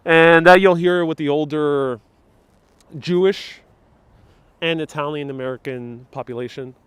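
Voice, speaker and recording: A man's voice: a little high, unhurried, fairly bright tone, clear, resonant tone. A man from New York City hosting a casual live-stream walking tour outdoors on city streets, chatting playfully and answering viewers' comments on a clip-on mic. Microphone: wireless clip-on mic.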